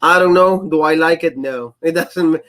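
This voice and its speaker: A man whose voice sits a little high, speaking English with a noticeable foreign accent. He co-hosts a casual podcast in an animated way and keeps slipping into quoted voices. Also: normal speed. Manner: animated, frequently acts out quotes in shifting voices. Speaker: co-host of a wrestling review show.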